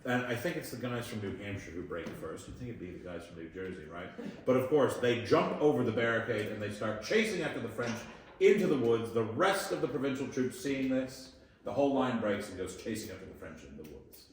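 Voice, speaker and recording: A man's voice: medium pitch, fairly quick. Joking tour guide man, echoey and distant. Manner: lively, joking, asks the group questions. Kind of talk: guided tour talk to visitors. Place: historic fort, outdoors. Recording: echoey space, voice from a distance, faint noise.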